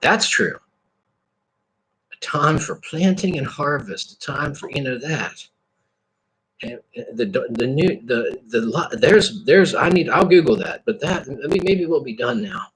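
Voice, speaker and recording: A man rambling through a reflective spiritual monologue, halting and restarting, breaking into bits of song and laughter. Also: fairly high pitch, expressive, a bit bright, breathy edge. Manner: meandering, halting, with bits of sung lyric and laughter. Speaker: vlogger.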